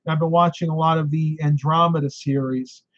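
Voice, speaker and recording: A man's voice: a little high, fairly even intonation, fairly quick, a bit bright, dry recording, lo-fi sound. A man hosting a live stream, chatting casually and answering viewer questions, tired and losing his voice, with frequent ums and laughs.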